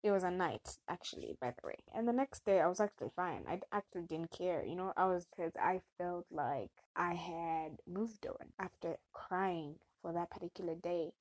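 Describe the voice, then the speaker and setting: A young adult woman giving a casual faith-based talk to her viewers, telling her story with animated, expressive delivery. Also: lowish voice, moderate pace, few pauses, poor audio.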